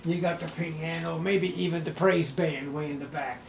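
High-voiced, emphatic male preacher. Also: steady tone, moderate pace, creaky, a little hiss or hum, low-quality recording. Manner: emphatic, swings from hushed to raised. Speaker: pastor. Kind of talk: sermon.

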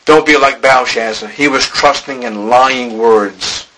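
A man's voice: medium pitch, unhurried, bright, forceful tone, low-quality recording. A man preaching a sermon to a church congregation, pleading with his listeners and building to emphatic exhortation.

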